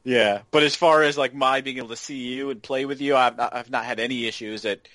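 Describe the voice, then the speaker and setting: A man's voice: mid-range voice, steady tone, a little fast, a bit bright, no room sound. A man co-hosting a podcast, chatting about video games in an easygoing, agreeable way, often repeating his words. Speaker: podcast co-host.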